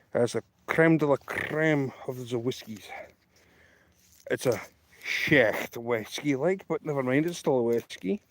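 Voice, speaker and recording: A Scottish man hosting a casual live walking stream outdoors at night, chatting in a rambling, hushed way into his phone. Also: mid-range voice. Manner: rambling, chatty, kept quiet. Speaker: livestream host.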